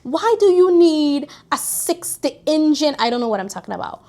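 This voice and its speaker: A young woman in her twenties vlogging casual life advice, animated and preachy, talking straight to her viewers. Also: high-pitched, normal speed, few pauses. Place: New York, recording outdoors near street traffic.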